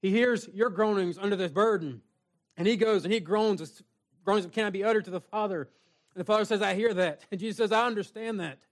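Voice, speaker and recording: A man with a notably high voice preaches an earnest sermon to a small church congregation. He moves between plain talk and reading scripture in old-fashioned wording. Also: quick pace. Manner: earnest preaching, reads scripture aloud in King James wording. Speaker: pastor.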